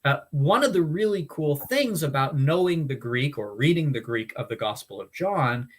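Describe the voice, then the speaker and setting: A man's voice: fairly high pitch, lively intonation, moderate pace, breathy edge. A man hosting a Bible study talk, explaining in an earnest, casual way with frequent restarts and fillers. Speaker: Bible study podcast host. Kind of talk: casual teaching chat.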